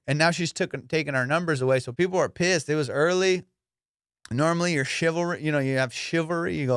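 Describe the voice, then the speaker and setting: A young man, a comedian hosting his podcast, telling a profane, animated story. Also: on the high side, fast talker, clear, resonant tone, no echo, clean studio sound. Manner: profane, animated, acts out voices. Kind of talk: casual storytelling.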